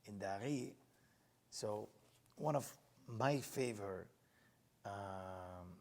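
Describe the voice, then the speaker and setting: A man's voice: fairly low pitch, slow pace, darkish tone. A middle-aged man teaching Kabbalah in an earnest way, mixing personal stories into the lesson in plain, slightly non-native phrasing.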